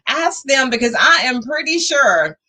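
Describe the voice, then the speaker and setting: A woman's voice: high-pitched, big pitch swings, measured pace, sharp tone. A woman hosting a talk show, chatting upbeat and motivational to her livestream viewers while she waits for a guest.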